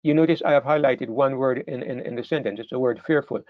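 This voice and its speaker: A man's voice: medium pitch, fast talker, no room sound, dull audio. A man preaching a sermon, emphatic, stressing key words and often repeating himself as he restarts phrases.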